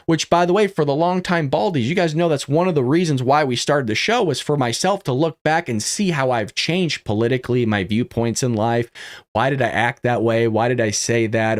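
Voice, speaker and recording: A man's voice: medium pitch, a little fast. A man hosting a casual political commentary livestream, talking in a chatty, conversational way. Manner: chatty, conversational, lots of "you know what I mean". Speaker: host.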